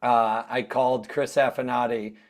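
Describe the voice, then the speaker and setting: A man hosting a hockey podcast, chatting in a relaxed way and laughing along with guests. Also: mid-range voice, normal speed. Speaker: podcast host. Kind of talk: casual chat.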